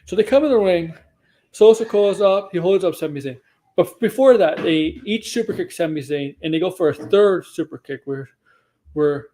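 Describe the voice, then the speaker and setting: A man with a high, warm voice casually recaps a wrestling show for his stream. He rambles, corrects himself mid-sentence often, and acts out quotes.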